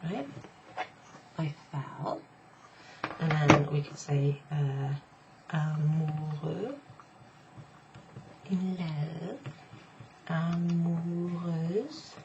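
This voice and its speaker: A middle-aged woman teaching a casual online French lesson, chatty and explaining step by step while repeating phrases slowly. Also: low voice. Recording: slightly dull lo-fi sound with faint noise.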